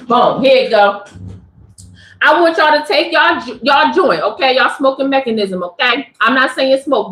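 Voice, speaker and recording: A high-voiced woman hosts a spiritual livestream. She preaches to her chat in animated, slangy talk. Her voice rings in a roomy, echoey space. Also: normal speed.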